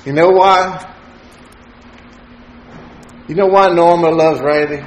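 A man's voice: a little high, steady tone, slow, long pauses, slight background noise. Fervent preacher man in an echoey church. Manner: preaching with rising fervor, quoting scripture and addressing congregants by name. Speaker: pastor. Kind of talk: sermon.

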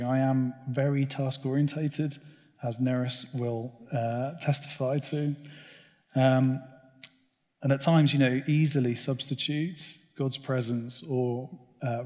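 A man preaches in an earnest, conversational way, his pitch held in a narrow, even band. His voice carries a long hall reverb. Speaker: church speaker. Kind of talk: sermon talk. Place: church gathering.

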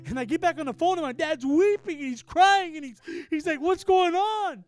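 A middle-aged man preaching a sermon, telling a story in a hushed voice and then rising to loud, emphatic declarations. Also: extremely high pitch, expressive, fairly quick, no room sound, soft background music.

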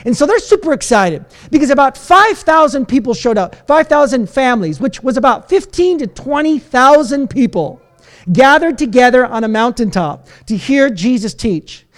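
High-voiced man preaching a casual sermon. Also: normal speed. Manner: animated storytelling, casual with many fillers. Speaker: pastor. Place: church.

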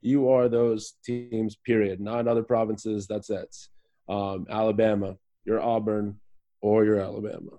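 A man from Virginia chats as a podcast guest, his voice on the lower side and warm, mellow in tone. He talks in an easygoing, rambling way, filling pauses with ums and uhs. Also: level tone, highs cut off. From Virginia, USA. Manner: easygoing, rambling, many fillers. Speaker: podcast guest, professional soccer player. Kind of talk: casual interview chat.

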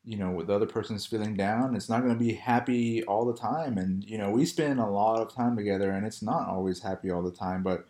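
A man's voice: fairly low pitch, fairly quick, hardly any pauses, mellow. Young male co-host, easygoing storyteller, echoey room. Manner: laid-back, storytelling, laughs often. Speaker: podcast co-host. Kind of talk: casual chat.

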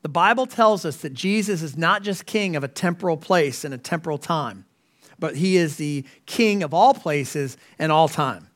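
A man with a fairly high voice preaches from the pulpit. He presses his points earnestly and leans on rhetorical questions to draw the congregation in. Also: lively intonation, moderate pace, a bit bright. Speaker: pastor. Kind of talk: sermon.

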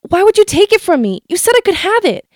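A woman doing a shrill upset little girl. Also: sing-song, fairly quick, darkish tone, no room sound, clean studio sound. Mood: hurt. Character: upset young girl yelling at her sister.

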